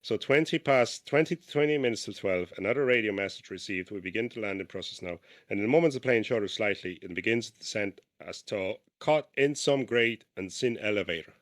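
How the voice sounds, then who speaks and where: Low-voiced man reading a diary haltingly. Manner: reads haltingly with restarts, breaks off to comment. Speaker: podcast co-host. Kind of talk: casual podcast chat, reading a diary aloud.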